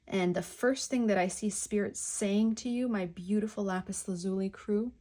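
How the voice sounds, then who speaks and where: A woman giving a pick-a-card tarot reading, talking in a gentle, effusive, spiritual way. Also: medium pitch, normal speed.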